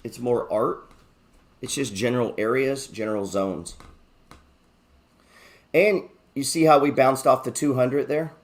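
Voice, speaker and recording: A man hosts a live stock market show, talking through his trades casually while joking and swearing freely. His mid-range voice moves at a measured pace with long pauses, and he reads viewer chat aloud.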